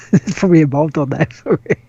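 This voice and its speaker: A man chats loosely on a gaming podcast, rambling from point to point. His fairly high voice comes through a dull, lo-fi microphone. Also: a little fast, creaky, darkish tone, slightly rough, dry recording. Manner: rambling, chuckling. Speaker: podcast co-host. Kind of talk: casual chat. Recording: dull lo-fi mic.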